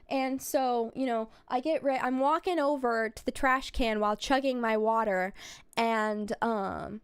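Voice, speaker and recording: A woman's voice: high-pitched, a little slow, clean tone, dry recording, studio quality. A young woman streamer telling a rambling travel story in a casual, chatty way, laughing and swearing. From United States.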